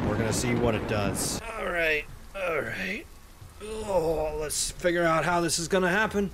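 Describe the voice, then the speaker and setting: A man's voice: on the high side, animated, moderate pace, heavy background noise. Jumpy young man narrating a horror game. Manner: rambling, jumpy, yelps and swears at scares. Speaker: gaming channel host. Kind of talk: let's play commentary.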